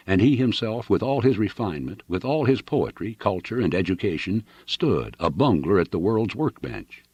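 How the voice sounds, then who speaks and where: Deep husky male storyteller. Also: no echo, highs cut off. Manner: dramatic, varied storytelling. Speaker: audiobook reader. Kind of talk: novel narration.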